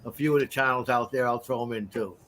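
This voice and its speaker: A man from New York chatting casually on a livestream, friendly and halting. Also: medium pitch, fairly even intonation, a bit bright, slight background noise. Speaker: livestream guest. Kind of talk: casual live chat.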